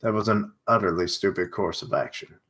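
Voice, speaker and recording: A man's voice: fairly low pitch, steady tone, a little fast, a bit bright, close to an everyday voice. A man reading as a scornful villain soldier. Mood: sneering.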